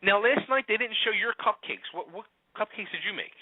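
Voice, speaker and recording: A man's voice: high voice, animated, fairly quick, no room sound. A man hosting a radio interview in a conversational way, laughing along with his guest. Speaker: radio host. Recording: dry, phone-like narrow sound.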